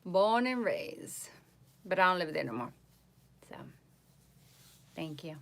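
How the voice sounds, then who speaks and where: A woman's voice: on the low side, big pitch swings, takes it slowly. Chatty woman with a New York accent. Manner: chatty, answers viewers' comments, trails off and restarts. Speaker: psychic reader livestreaming. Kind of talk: casual livestream chat.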